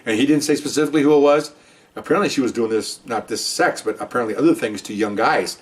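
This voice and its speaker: Talking fast in a mid-range voice, a retired police detective in his sixties swaps casual stories, drifting into many asides along the way. He comes across a bit distant from the microphone.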